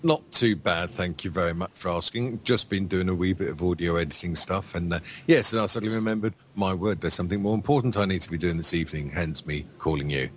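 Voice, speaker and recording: A man's voice: deep voice, fast talker, few pauses, slight background noise. A man joining a podcast as a guest over a call, joking and teasing in casual banter.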